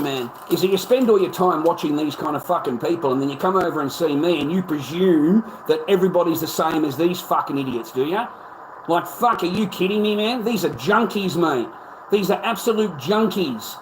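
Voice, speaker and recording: On a live stream, a middle-aged man rants angrily, swears, and keeps ending lines with "mate." His voice is fairly high, and the rough recording has a little hiss or hum.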